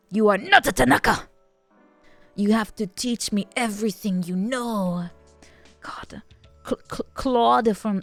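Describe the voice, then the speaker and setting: A woman's voice: on the low side, a little mellow. A woman streamer chatting casually, rambling and joking and often breaking into laughter. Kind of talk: casual chat.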